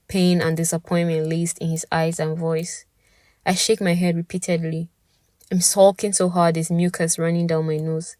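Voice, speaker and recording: A woman's voice: lowish voice, flat delivery, moderate pace, a little mellow, no room sound, studio quality. A young woman narrating a first-person story in a dramatic, intimate way. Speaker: podcast narrator.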